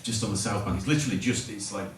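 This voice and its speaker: A man's voice: fairly low pitch, very fast, recorded from a distance. A man from North Lincolnshire doing a hesitant, self-deprecating open-mic stand-up set. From North Lincolnshire, England. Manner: rambling, self-deprecating, hesitant with many fillers. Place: small comedy night in a hotel bar. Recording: roomy hall recorded from afar with loud noise. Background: audience laughter.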